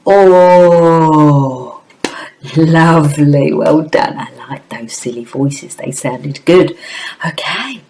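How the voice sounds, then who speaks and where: A woman's voice: low-pitched, slow, a little mellow, a little hiss or hum, poor audio. A woman teacher giving a phonics lesson to young children, in an exaggerated, coaxing sing-song. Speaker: primary school teacher.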